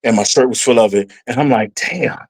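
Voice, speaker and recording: Man, middle-aged, podcast guest, casual storytelling, animated, mid-pitched voice. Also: quick pace, poor audio. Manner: animated storyteller, voices his past self rising in pitch.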